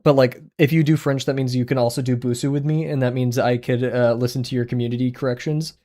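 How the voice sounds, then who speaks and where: A young man streaming his drawing sessions, chatting casually with viewers in a rambling, excitable way and laughing often. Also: mid-range voice. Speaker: art livestreamer.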